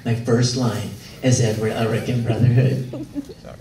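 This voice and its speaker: Animated man telling stories in an echoey hall. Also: normal speed. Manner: animated, laughing, acts out quotes in high voices. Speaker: convention panel guest. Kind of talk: storytelling to a live audience. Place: convention panel room. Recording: echoey hall from far off, faint noise.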